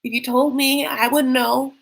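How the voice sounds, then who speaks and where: A woman's voice: high voice, steady tone, moderate pace, creaky, breathy edge. A woman hosting a live stream, reacting to a reality show in a chatty, sarcastic, theatrical way. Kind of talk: casual live reaction chat.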